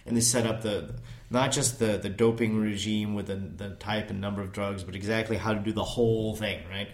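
A man's voice: on the low side, steady tone, fairly quick. A man in casual conversation, recounting a documentary in a rambling way and swearing casually.

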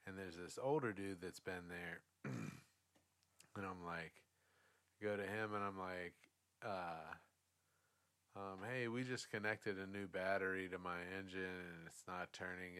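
Low-voiced man telling a rambling story. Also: sharp tone, clean tone. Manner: rambling, profane, acts out quotes. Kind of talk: casual storytelling chat.

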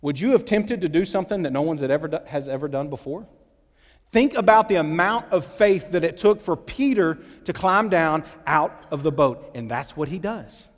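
A man preaching a sermon in a church, lively and acting out the quotes with big swings in pitch and loudness. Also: normal speed. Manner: animated, acts out quotes with shifting pitch and volume. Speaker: pastor. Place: church sanctuary. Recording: long hall reverb.

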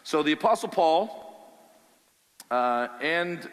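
A pastor preaching a sermon in an animated, conversational way, asking the listeners questions. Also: male voice, fairly high pitch, slow pace, in a large hall.

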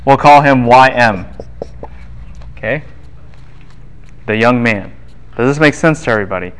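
A man lectures a class in a smooth, resonant voice at an ordinary pitch. He talks in a lively way, keeps firing questions at his students and drops in quick asides. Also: poor audio. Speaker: Bible lecturer. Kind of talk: university lecture.

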